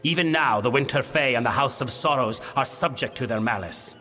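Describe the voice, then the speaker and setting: A man's voice: medium pitch, brisk, pushed and bright, a little hiss or hum, lightly acted. An actor playing a weary ancient winter fae king in a video game, speaking in a grave, formal, commanding way. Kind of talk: video game character dialogue. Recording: long reverb with game music.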